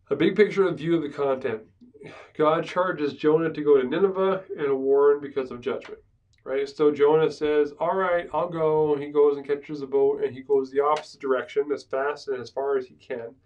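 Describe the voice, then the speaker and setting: A man's voice: mid-range voice, darkish tone, muffled recording. Man lecturing from a distant mic. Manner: conversational, with frequent "right?" asides and restarts. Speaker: pastor teaching a Bible survey course. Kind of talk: casual classroom lecture. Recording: speaker far from the mic.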